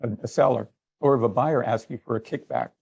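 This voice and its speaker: A man's voice: mid-range voice, a little fast, vocal fry, a little mellow, husky, dry recording. A man giving a sales training workshop, conversational, acting out little exchanges as he goes. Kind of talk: workshop talk.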